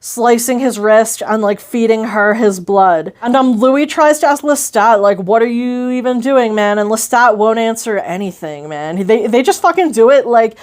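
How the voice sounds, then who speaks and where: A woman's voice: fairly high pitch, animated, normal speed, hardly any pauses. A young adult woman giving casual, slangy, profane book commentary with lots of "like.". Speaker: book vlogger.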